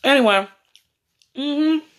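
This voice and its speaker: A woman's voice: high voice, slow pace. A woman vlogger chatting playfully to her viewers on a live stream from a phone at home. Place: at home indoors. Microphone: phone propped up on a table.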